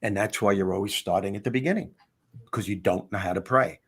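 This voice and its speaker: Guest author, male, low husky voice, lively storyteller. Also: quick pace. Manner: animated storyteller, casual. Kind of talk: interview conversation.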